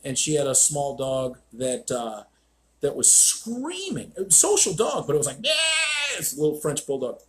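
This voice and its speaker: A man's voice: a little high, a little mellow. A man hosting a live stream as a dog trainer, telling stories in a blunt, profane, ranting way.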